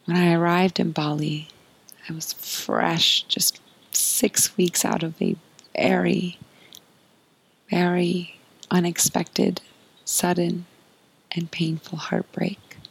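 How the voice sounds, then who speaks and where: A woman hosting a podcast, giving a soft, earnest spiritual monologue in a breathy, often whispered voice. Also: fairly low pitch, little pitch movement, takes it slowly, pauses often, low-quality recording. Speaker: podcast host.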